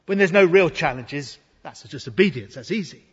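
A man's voice: a little high, animated, moderate pace, fairly bright tone, husky. A man preaching an earnest, emphatic sermon to a congregation. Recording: dull sound in a reverberant hall.

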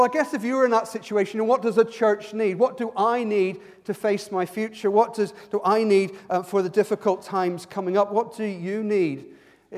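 A man preaching a sermon as pastor, stumbling and repeating words, swinging his pitch and loudness up and down. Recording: long hall reverb.

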